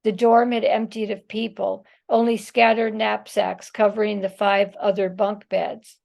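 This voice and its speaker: A woman reads her own writing aloud, slowly and with care. Her voice has a gravelly, creaky edge, and her reading is measured and expressive. She is on a video call. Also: medium pitch. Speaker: author.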